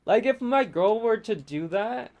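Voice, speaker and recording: A man with a fairly high voice rants over gameplay in loose, profane, exasperated bursts. He rambles from one gripe to the next in a casual, unscripted way, like a host talking to his channel. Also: lively intonation, unhurried, a little mellow.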